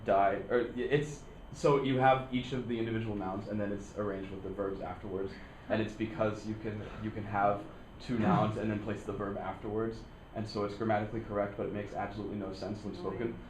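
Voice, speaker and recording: Low-voiced male student thinking aloud. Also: flat delivery, brisk, slight background noise. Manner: thinking aloud, searching for words. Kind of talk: classroom discussion. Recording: echoey classroom audio.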